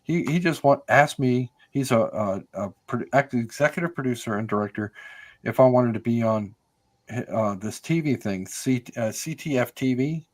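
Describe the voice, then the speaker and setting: Older American man, podcast guest, mid-pitched, chatty and rambling, plenty of ums and false starts. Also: expressive, moderate pace. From United States. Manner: rambling, many fillers and restarts. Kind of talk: casual conversational storytelling.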